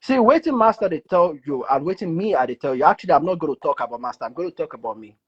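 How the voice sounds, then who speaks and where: A man with a Nigerian accent making a measured, lecturing point in a live audio debate. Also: fairly high pitch, lively intonation, husky, lo-fi sound. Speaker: debate participant.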